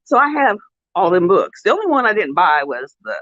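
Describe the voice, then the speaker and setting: A woman in her fifties chatting casually to her viewers, rambling through stories and jumping up high when she quotes people. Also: big pitch swings, fairly quick, a bit bright, dry recording, lo-fi sound. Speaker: vlogger.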